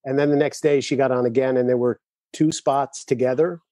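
A man's voice: medium pitch, steady tone, brisk, dark tone, no echo. Easygoing man on a video call. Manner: easygoing storyteller who laughs often. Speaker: guest drummer. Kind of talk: casual chat over video call.

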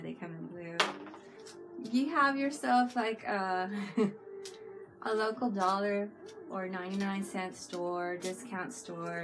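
Woman, casual live-stream host, laughs a lot, mid-pitched, music bed behind. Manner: chatty, giggly, talks to viewers in chat.

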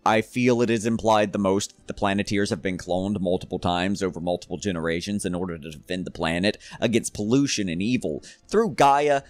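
A man's voice: low-pitched, brisk, few pauses, no echo, soft background music. Sarcastic Southern-raised male reviewer. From American South. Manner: sarcastic, profane, laughs often. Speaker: video reviewer. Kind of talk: comedic commentary.

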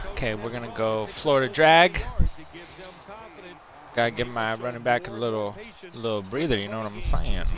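A man streaming a football video game live, chatting casually in slang and breaking into high whoops. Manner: hyped, slangy, keeps asking "you know what I'm saying"; bursts into high whooping shouts. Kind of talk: casual live gameplay commentary.

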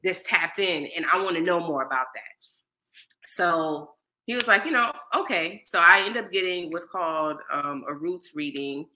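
A woman's voice: lowish voice, moderate pace, slight background noise, low-quality recording. A woman, a mother in her thirties, telling a personal story in a casual interview and acting out the voices of people she quotes. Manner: animated, acts out quoted dialogue. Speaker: interview guest.

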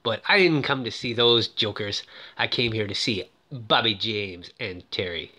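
A man retelling a movie plot in a casual, excitable way, with many fillers and quick put-on voices for the characters. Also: on the low side. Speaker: film recap presenter.

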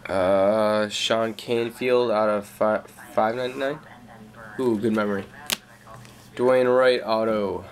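A young man calmly listing off his trading cards in a casual showcase, with slang and frequent fillers. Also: on the low side, slow pace. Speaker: card collector.

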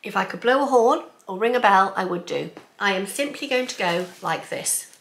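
A middle-aged woman chatting excitedly to her viewers as she unboxes a parcel in her sewing room. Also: medium pitch, normal speed. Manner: gushing, excitable, talks to viewers as folks. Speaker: sewing vlogger.

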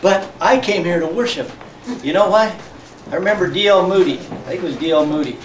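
A man's voice: high voice, brisk, a little hiss or hum. A man preaching a sermon as pastor, folksy and joking, often laughing. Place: church sanctuary. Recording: echoey church sanctuary, mic from far off.

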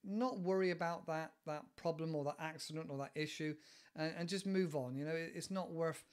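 This English teacher and podcast host has a West Country accent and a clean, higher-than-average voice, talking fairly quickly. His idiom lesson is casual and rambling, with plenty of laughter.

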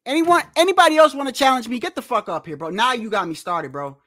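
A man hosting a boxing livestream and ranting in a heated, animated way, repeating himself, swearing often and trash-talking the chat. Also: very high voice, fast talker, dry recording, clean studio sound. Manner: animated, repetitive, trash-talking with frequent profanity.

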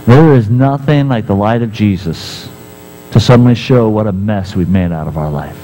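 A man's voice: fairly low pitch, moderate pace, mellow, slight background noise, rough recording. A male pastor preaching a sermon, telling a story and acting out the characters' lines.

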